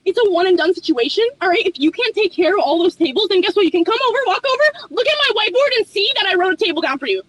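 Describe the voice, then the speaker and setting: A young woman working as a restaurant hostess, ranting fast and profanely in an exasperated storytime vlog. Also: very high-pitched, animated, rough recording.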